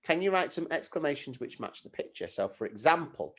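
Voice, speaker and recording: A man's voice: fairly high pitch, very animated, a little fast, a bit bright. A male teacher giving a recorded lesson to young children, explaining patiently and asking them questions. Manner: patient, clear instructions to children with rhetorical questions. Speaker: primary school teacher. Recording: dull lo-fi recording.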